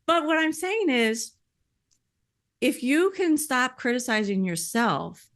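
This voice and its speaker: A woman speaking in earnest, conversational podcast talk, heartfelt and animated, often filling with "like" and "you know.". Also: high voice, slow. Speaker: podcast speaker sharing personal experience.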